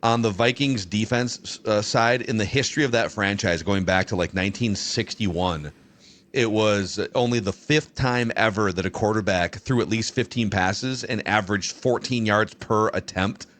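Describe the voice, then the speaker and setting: A man hosting a football podcast, setting up topics in a brisk, conversational way. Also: on the low side, fairly bright tone. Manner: brisk, conversational host patter. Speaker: podcast host. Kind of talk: casual sports talk.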